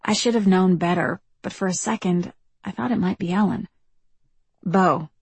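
Breathy, low-voiced woman narrating. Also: fairly even intonation, a little mellow, no room sound. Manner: measured, reflective storytelling. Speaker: audiobook narrator. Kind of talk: first-person audiobook narration.

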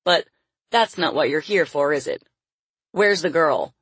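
Lady reading as a calm bossy circus showman guy, low and husky, loud and firm. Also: a little slow, no room sound, full character voice. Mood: calm commanding. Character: smooth cigar-smoking circus showman, calm, commanding. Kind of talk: audiobook character voice.

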